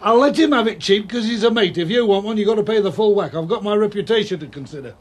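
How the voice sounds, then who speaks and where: Chirpy wheeler-dealer rogue, high and husky. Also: male voice, animated, fast. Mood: wheedling. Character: roguish older male local wheeler-dealer.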